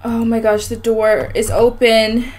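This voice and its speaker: A woman's voice: a little high, flat delivery, unhurried, over music. A young woman playing a horror game on her channel, jumpy, exclaiming and swearing a lot, with nervous giggles. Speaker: gaming video host. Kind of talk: horror game let's play commentary.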